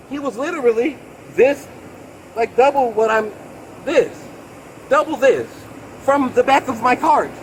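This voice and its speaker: A man's voice: extremely high pitch, measured pace, long pauses, a little hiss or hum, rough recording. A man in his late thirties giving an agitated, rambling account to a police officer outdoors by a road, recorded on a body camera. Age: late 30s. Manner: rambling, excitable, repeats "bro". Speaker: complainant speaking to police.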